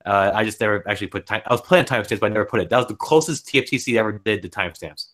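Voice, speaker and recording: A man's voice: lowish voice, racing, fairly bright tone. A man hosting a casual livestream podcast, rambling with frequent restarts. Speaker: podcast host.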